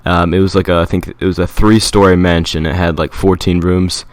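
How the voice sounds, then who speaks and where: Deep-voiced man, casual chat. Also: brisk, dry recording. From England. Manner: relaxed, many fillers like um and like. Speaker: podcast co-host.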